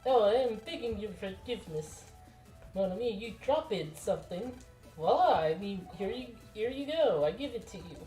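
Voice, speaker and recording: A woman's voice: medium pitch, expressive, moderate pace, warm tone, roomy sound, recorded from a distance, soft background music, close to an everyday voice, low-quality recording. A woman putting on a fawning French-accented pickpocket. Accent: put-on French. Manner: fawning, theatrical. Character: overly polite French man pickpocket.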